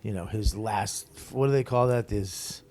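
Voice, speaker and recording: A man's voice: lowish voice, a little slow. A man telling stories as a comic guest in a casual interview, swearing freely and acting out what others said. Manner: profane, animated storyteller who acts out quotes.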